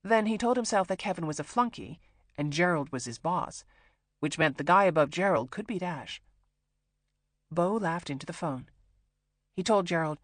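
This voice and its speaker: An audiobook narrator reading a crime thriller in a steady, tense storytelling manner. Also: mid-range voice, normal speed, long pauses, no room sound. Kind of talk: scripted narration.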